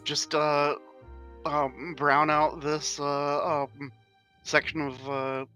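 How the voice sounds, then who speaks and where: A man playing a tabletop game over voice chat, talking haltingly with many fillers and restarts. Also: a little high, flat delivery, sharp tone, faint music behind.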